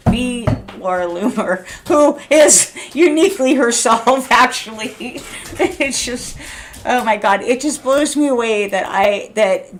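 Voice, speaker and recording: A woman vlogging from home, talking loud and rambling from one thought to the next. She laughs often and chats freely with her viewers. Her pitch sits in a middle range. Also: a little hiss or hum. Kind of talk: casual talking vlog.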